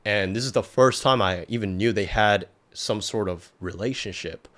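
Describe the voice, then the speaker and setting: Man with a lowish voice, rambling casually. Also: normal speed, fairly bright tone. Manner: rambling, heavy on filler words and restarts. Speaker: podcast guest. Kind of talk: casual storytelling.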